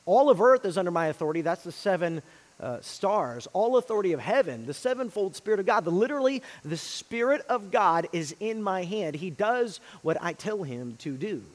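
A man preaching a sermon, swinging between loud emphasis and hushed, quiet lines. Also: high-pitched, very animated, moderate pace, in a large hall. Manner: dynamic delivery, swinging from loud emphasis to hushed near-whispers. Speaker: pastor.

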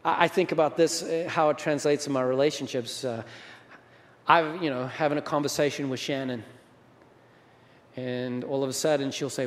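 Conversational pastor in an echoing hall. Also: male voice, medium pitch, steady tone, moderate pace. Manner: conversational, asks the audience questions. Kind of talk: sermon. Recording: long reverb of a large hall.

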